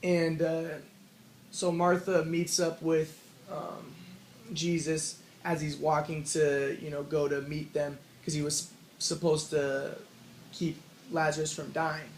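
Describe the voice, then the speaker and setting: Guy with a fairly high voice talking through his theory off the cuff, loose and rambly, bit of faint noise behind. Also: flat delivery, slow. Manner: casual, thinking aloud while retelling a story. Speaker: self-published theorist explaining his model. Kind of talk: informal spoken lecture.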